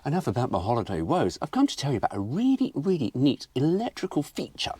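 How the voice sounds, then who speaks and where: A man hosting a casual car vlog, animated and jokey, rambling from one aside to the next. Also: medium pitch, fast talker, husky, no room sound. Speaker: host.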